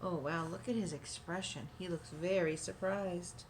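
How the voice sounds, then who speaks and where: A woman reading a children's picture book aloud, adding gentle asides for young listeners. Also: fairly low pitch, fairly even intonation, moderate pace, slight background noise. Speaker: storybook reader.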